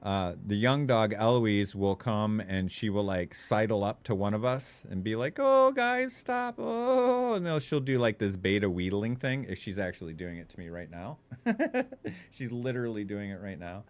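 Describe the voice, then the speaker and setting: A young adult man giving animated, profane gaming commentary, laughing often and chatting to his viewers. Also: on the low side, normal speed, dry recording. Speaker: streamer.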